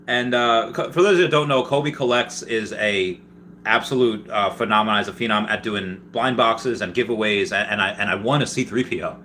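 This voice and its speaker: Excitable man rambling through a livestream. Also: on the low side, normal speed, slight background noise. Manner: rambling, excitable, jokey, many restarts. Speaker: livestream host reading chat. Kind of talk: casual livestream chat.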